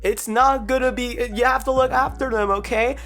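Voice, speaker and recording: Flustered young woman stammering, as a vlogger quotes her, a bit higher than usual. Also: fairly even intonation, moderate pace, fairly bright tone, faint music behind.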